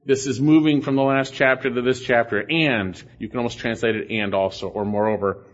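A man's voice: mid-range voice, fairly even intonation, a little fast, dull audio. A man preaching an expository Bible sermon as a pastor, emphatic and repeating key phrases for stress.

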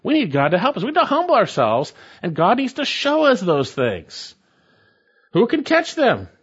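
A man's voice: high-pitched, huge pitch swings, moderate pace, fairly bright tone, slightly rough, dull audio. A man preaching an expository sermon, emphatic and repeating key phrases to drive points home. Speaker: pastor.

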